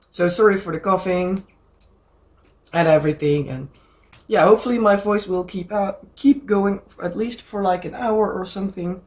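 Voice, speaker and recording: A woman with a Dutch accent, hoarse from a cold, hosting a casual rambling craft chat and pausing now and then to find the right words. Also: mid-range voice. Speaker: crafting channel host.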